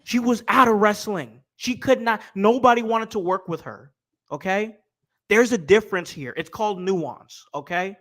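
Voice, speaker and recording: A man hosting a casual livestream chat, making his points emphatically and repeating them slowly. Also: high voice, fairly bright tone. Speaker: podcast host.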